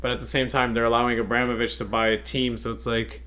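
A man's voice: mid-range voice, fast talker. A man co-hosting a casual podcast chat, rambling and swearing freely as he makes his points. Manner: profane, rambling, animated.

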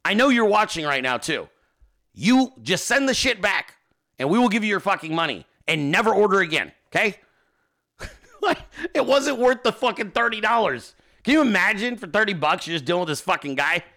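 Male streamer host, bright animated delivery, profane rants, casual reading of viewer mail. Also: high voice, a little fast. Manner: profane, ranting; reads viewer emails and chat aloud. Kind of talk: casual livestream chat.

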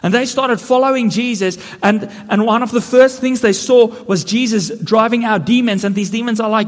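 High-pitched guy preaching earnestly, big echo from the hall. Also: moderate pace, hardly any pauses. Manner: earnest, building to emphatic questions. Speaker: pastor. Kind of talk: sermon. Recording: long hall reverb.

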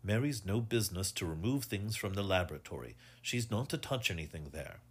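A man's voice: low-pitched, expressive, brisk, husky. A man doing an absent-minded little professor. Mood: irritated. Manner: apologetic, mildly irritable. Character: small, absent-minded apologetic male professor.

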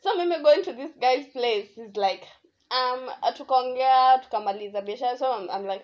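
A young Kenyan woman with a Kenyan accent hosting a casual solo podcast, rambling and animated as she tells a story. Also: sits high, moderate pace. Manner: rambling, animated, switching between English and Swahili slang. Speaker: podcast host. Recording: dull lo-fi audio.

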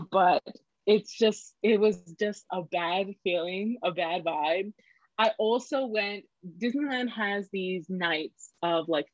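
Young woman guest with a lower voice, chatty storyteller who acts out both sides, on a dull, dry lo-fi recording. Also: dry recording. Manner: animated, acts out dialogue, many fillers. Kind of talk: casual storytelling chat.

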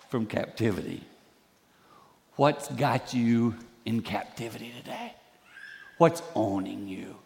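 Older man preaching in a reverberant church. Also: medium pitch. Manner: animated storytelling, acts out quoted voices. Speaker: guest speaker preaching. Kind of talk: sermon. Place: church sanctuary.

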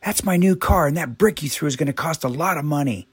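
A man voicing an angry young businessman who shouts demands. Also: fairly high pitch, normal speed, breathy edge, dry recording, clean studio sound, voice pushed up. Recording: soft music bed behind voice.

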